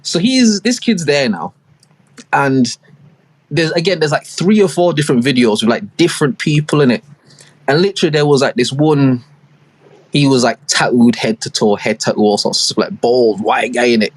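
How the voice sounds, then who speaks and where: A man's voice: medium pitch, moderate pace, husky, dry recording. A young man, co-hosting a podcast and telling a rambling story full of slang and fillers in casual chat. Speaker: podcast co-host.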